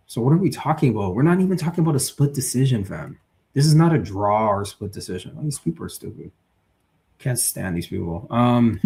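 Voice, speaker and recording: Man, lowish voice, live stream host, casual chat, animated, opinionated. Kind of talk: casual live boxing talk.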